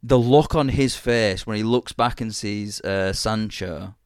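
A man's voice: lowish voice, unhurried, smooth, no echo, studio quality. A man, chatting casually and enthusiastically about a TV series as podcast co-host, rambling and swearing freely.

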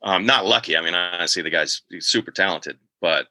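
Older man, bright dry voice, storytelling. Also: low-pitched, a little fast, no room sound, poor audio. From Boston. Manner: animated storyteller, slips into voices. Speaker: podcast guest. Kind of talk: casual storytelling chat.

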